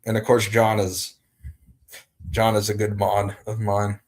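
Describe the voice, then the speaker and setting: A man's voice: lowish voice, completely flat delivery, measured pace, a little mellow. A man hosting a casual livestream, rambling and greeting viewers as they arrive. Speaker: livestream host.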